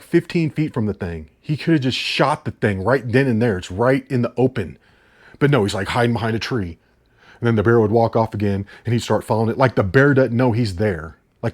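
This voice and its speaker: A man's voice: medium pitch, a little mellow. A man reviewing a movie in a casual, incredulous rant, swearing casually.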